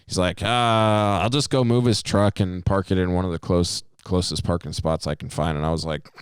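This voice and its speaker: In casual podcast banter, the co-host recounts a story with lots of swearing, voicing the people involved with animated energy. He talks at a normal speed in a low, clear, resonant voice, recorded in clean studio sound with no echo.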